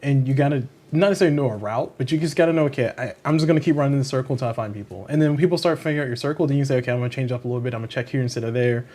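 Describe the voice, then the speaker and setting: A man hosting a casual chat, throwing in quick, jokey interjections and eager questions. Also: mid-range voice, a little mellow. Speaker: host.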